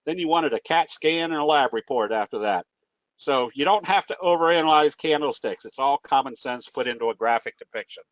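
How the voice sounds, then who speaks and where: A man's voice: fairly high pitch, brisk, dry recording. A man presenting a trading webinar in a casual, folksy way, telling jokes and restarting his sentences. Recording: dull lo-fi dry audio.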